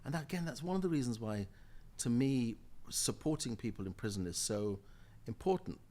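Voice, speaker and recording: A man's voice: mid-range voice, a little fast. An older man from Jamaica and the UK, a guest in a podcast interview, speaking emphatically and telling stories with frequent laughter. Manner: emphatic, lively storyteller, laughs often. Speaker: guest, member of the House of Lords.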